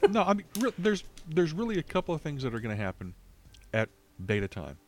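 A man's voice: on the high side, sing-song, a little fast, a little mellow, a little hiss or hum. A man co-hosting a casual gaming podcast over an online call, thinking aloud in long, rambling turns full of restarts. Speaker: podcast co-host. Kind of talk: casual chat.

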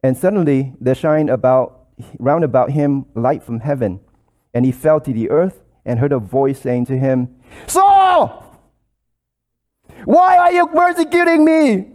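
Dark-voiced male preacher. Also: mid-range voice, normal speed. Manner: earnest, explanatory, quoting scripture. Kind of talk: sermon.

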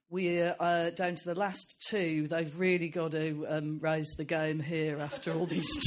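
Hesitant, chatty male event host. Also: on the high side. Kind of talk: casual live introductions.

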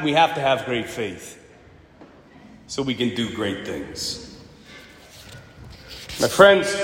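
Male priest, playful animated preacher, high voice; long church reverb, roomy. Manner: animated, playful storyteller, acts out scenes. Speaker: Catholic priest. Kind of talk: sermon. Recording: echoey church from a distance.

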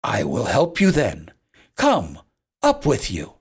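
A reader voicing a kind, strong grown man who helps a stranger in the snow in a storybook reading, gentle and reassuring in manner. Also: mid-range voice, wildly swooping pitch, takes it slowly, husky, pitched below the performer's own voice, exaggerated voice. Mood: kindly. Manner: gentle and reassuring, then urgent calling.

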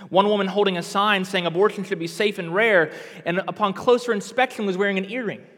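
A man with a high, bright-pitched voice preaches with fervor, pressing his points hard and climbing to emphatic peaks. His voice carries a long reverb, as if heard in a large hall. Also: brisk. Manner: impassioned, rising to emphatic outbursts. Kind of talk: sermon.

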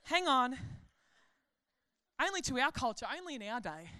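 A woman delivers a conference sermon in a high, bright voice. She talks in a chatty, animated way and jokes at her own expense. The sound is close and dry. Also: normal speed, smooth, no room sound. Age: adult. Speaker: conference speaker, pastor.

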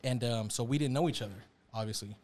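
A young man telling a story in casual chat, animated and slangy, acting out the quotes. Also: mid-range voice, fast talker, slight background noise. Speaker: storyteller on a podcast.

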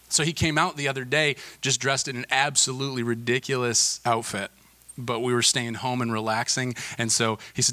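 A man in his thirties preaches with a bright, forceful tone. He is earnest and builds to emphatic peaks before sinking back to a soft, close delivery. Middle pitch, a sermon voice. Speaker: pastor.

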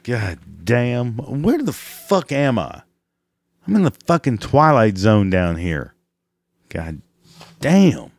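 Man, crude exasperated ranter, slow drawl, dry sound, cracking voice. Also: mid-range voice, big pitch swings, dry recording. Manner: crude, exasperated, laughs at his own jokes. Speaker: comedic ranter. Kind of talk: profane comedic rant.

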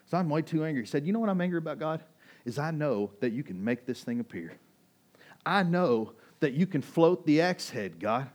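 Animated man preaching a story. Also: on the high side, fairly quick. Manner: animated, emphatic storyteller with swings between hushed and loud. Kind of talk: sermon storytelling.

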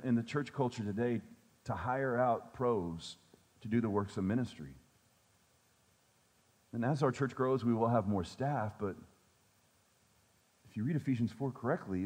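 A man's voice: mid-range voice, darkish tone, husky. A male pastor preaching a sermon in a conversational way, with joking asides to his congregation.

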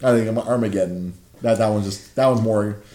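A man's voice: on the low side, moderate pace, warm tone, soft background music. A man hosting a casual chat, rambling and swearing freely with lots of fillers. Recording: roomy echoey room.

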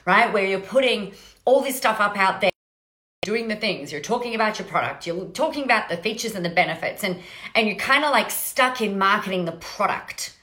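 A woman's voice: mid-range voice, a little fast, pushed and bright. A woman podcast host giving a casual motivational monologue, chatty, often adding "right?", restarting phrases and swearing casually. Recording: roomy echo.

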